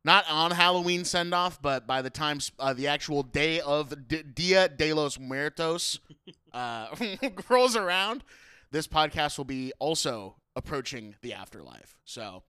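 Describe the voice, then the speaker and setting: A young man with a bright, clear voice hosts a casual comedy podcast chat, quick to joke and laugh. His pitch jumps around animatedly, sitting a touch higher than most men's. The sound is close and dry. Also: lively intonation, dry recording. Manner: playful, laughs often, jokey. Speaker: podcast host.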